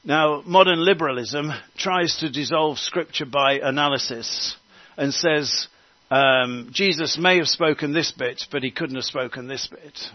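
A man preaching a sermon in an earnest way, pausing with fillers and restarting phrases. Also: fairly high pitch, no echo, highs cut off.

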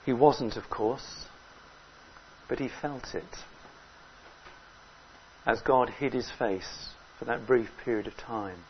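A man preaching a sermon in an earnest way, rising loud on key words and dropping low between them. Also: slow pace, long pauses, muffled recording, a little hiss or hum.

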